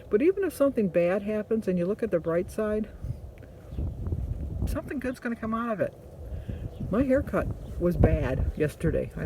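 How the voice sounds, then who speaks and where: A woman's voice: medium pitch, noisy background. A woman hosting a vlog, chatting casually and motivationally, rambling through stories and correcting herself. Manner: rambling storytelling with self-corrections. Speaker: vlog host.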